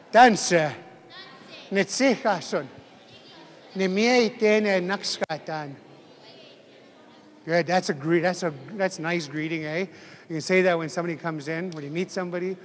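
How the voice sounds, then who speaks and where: This man's voice is high and fairly bright, moving at normal speed with long pauses. Teaching a language class, he leads a group through a spoken drill of a greeting, chuckling often and encouraging them to speak up louder. The recording carries a long hall reverb.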